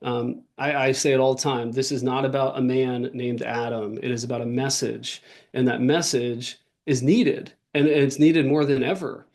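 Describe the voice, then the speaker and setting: A man's voice: medium pitch, flat delivery, normal speed, darkish tone. Earnest man talking in long runs. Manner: earnest, talks in long runs with many fillers and restarts. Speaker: podcast guest, author and workshop leader. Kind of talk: casual interview talk.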